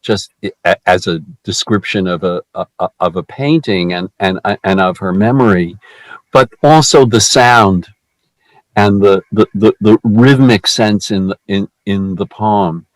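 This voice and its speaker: Casting: man leading a poetry group, deep-ish, slow and halting, dry close sound. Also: no echo, low-quality recording. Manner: halting, many restarts and fillers. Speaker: discussion group leader. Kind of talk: poetry discussion.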